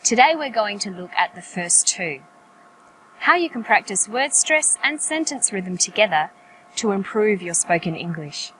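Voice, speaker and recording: A woman narrating an English pronunciation lesson in a clear, careful, explanatory way. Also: medium pitch, very animated, normal speed, a bit bright, a little hiss or hum, rough recording. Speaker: English teacher.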